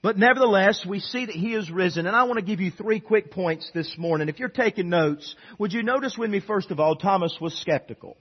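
A man preaching a sermon as pastor, animated, with sudden loud bursts. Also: sits high, a little fast, hardly any pauses, husky. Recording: dull lo-fi sound.

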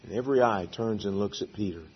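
Husky folksy preacher man. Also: on the low side, quick pace, highs cut off. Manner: folksy storytelling, acts out biblical dialogue. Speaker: pastor. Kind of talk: sermon. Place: church sanctuary.

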